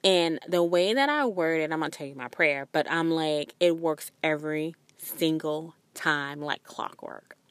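A fairly low-pitched young woman hosting a spiritual podcast in a dry, close recording. She talks in an earnest, rambling, confiding way, looping back on her own phrases as she goes. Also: measured pace, few pauses, clear, resonant tone, no echo. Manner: acts out quoted voices with sudden high pitch jumps. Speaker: podcast host.

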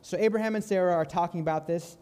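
A young man preaching a sermon, telling a story in a calm, earnest way and slowing down softly on key lines. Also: high voice, smooth, in a large hall. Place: church sanctuary.

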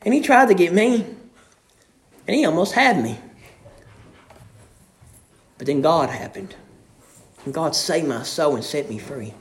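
A young man preaching a sermon in a church, fervent, shouting his refrains and swinging his voice from high to low. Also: expressive, unhurried, pauses often, roomy sound, a little hiss or hum. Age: young adult.

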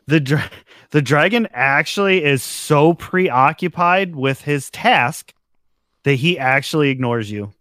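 A man serving as game master, narrating a tabletop game in measured, drawn-out phrases. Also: on the high side, expressive, fairly bright tone, no echo, clean studio sound.

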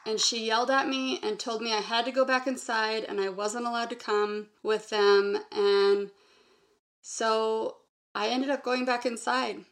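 Woman, guest, fairly high pitch, earnest, halting, run-on sentences. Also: fairly bright tone. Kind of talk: personal testimony in conversation.

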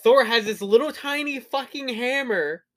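A man's voice: very high voice, moderate pace, a bit bright. A young man co-hosting a podcast, telling stories in a laid-back, swearing, casual way. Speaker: podcast co-host. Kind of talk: casual rant.

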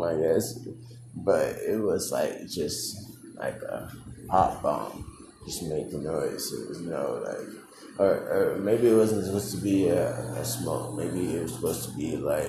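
A man's voice: low voice, gravelly, reverberant, background noise. A young man hosting his own podcast, rambling and swearing, laughing often, and saying he is drunk. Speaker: podcast host. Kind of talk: casual solo podcast rambling.

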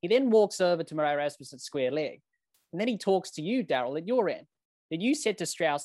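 A man's voice: high voice, expressive, a little fast, no echo, studio quality. A man hosting a podcast interview, reading out long setups and often addressing his guest by name. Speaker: podcast host.

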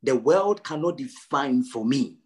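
A male pastor preaching a sermon, emphatic, repeating his phrases and swinging from low and quiet to high and loud. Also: lively intonation, a little slow, breathy edge. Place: church service.

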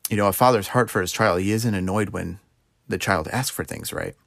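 Young guy preaching, chatty, lots of "right?", slightly low voice, dry close mic. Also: a little fast, creaky, fairly bright tone, no room sound. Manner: conversational, frequent "right?" and "like". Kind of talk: casual sermon.

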